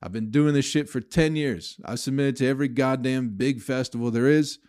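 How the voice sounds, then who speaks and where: A man's voice: mid-range voice, moderate pace, a little mellow, dry recording, studio quality. A man hosting his own podcast, venting in a profane, bitter, rambling way about the comedy business. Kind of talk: casual solo podcast rant.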